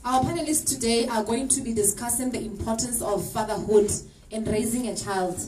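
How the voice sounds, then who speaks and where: A woman's voice: fairly high pitch, normal speed. Hesitant woman moderating a panel. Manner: hesitant, many fillers. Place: exhibition hall. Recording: distant mic, clear background noise.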